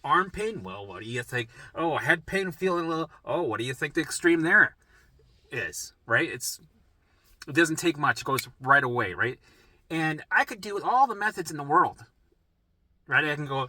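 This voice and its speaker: A man's voice: on the high side, animated, moderate pace, sharp tone. A man talking straight to camera as a recovery coach, blunt and swearing, acting out panicked thoughts and often tagging sentences with "right?". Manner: keeps asking "right?". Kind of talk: direct-to-camera talk.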